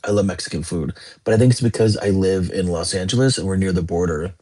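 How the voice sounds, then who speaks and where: Chatty man, husky and mellow. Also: deep voice, quick pace. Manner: rambling, chatty, answers viewer questions. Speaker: livestream host. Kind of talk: casual live chat reading comments.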